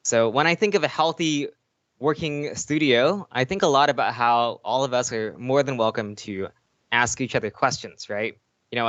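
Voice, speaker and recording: A man talking casually from his desk at home, walking through points with lots of "uh" and "right?". The sound is dry and a little dull. His voice sits at a middling pitch. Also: brisk, fairly bright tone, dry recording. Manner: conversational, frequent "right?" and "uh" fillers. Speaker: programming instructor presenting an award. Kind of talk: casual remote presentation.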